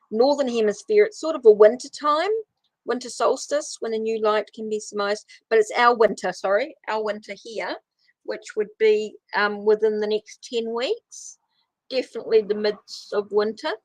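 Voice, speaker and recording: Kiwi woman chatting thru a tarot reading, thinks out loud, mid-pitched, dry close sound. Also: dry recording. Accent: New Zealand. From New Zealand. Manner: chatty, thinks aloud while drawing cards. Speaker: tarot reader. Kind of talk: casual livestream tarot reading.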